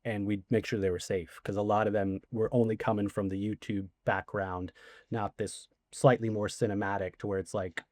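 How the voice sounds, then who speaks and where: A man's voice: lowish voice, flat delivery, normal speed, a little mellow, no echo, clean studio sound. A man in his forties, a guest in a casual interview, telling rambling anecdotes full of fillers. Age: 40s.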